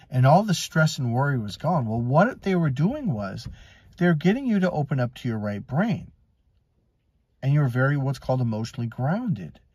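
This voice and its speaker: A middle-aged man from Wisconsin telling personal stories as a life coach, animated and acting out quoted voices. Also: husky, no room sound. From Wisconsin, USA. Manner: animated, swings between high and low pitch, acts out quotes. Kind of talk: personal storytelling monologue.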